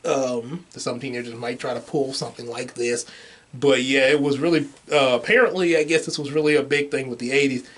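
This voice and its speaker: A man's voice: medium pitch, fairly even intonation, brisk. A man co-hosting a casual movie review, rambling with many restarts and laughing at his own jokes.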